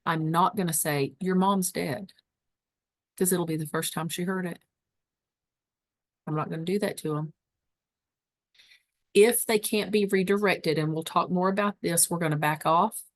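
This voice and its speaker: Woman teaching caregivers on a webinar, lowish voice, emphatic, says things over and over, dry close sound. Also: fairly even intonation, a little slow, pauses often, no echo. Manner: warm, emphatic teaching with repeated phrases. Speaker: dementia care educator. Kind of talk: webinar presentation.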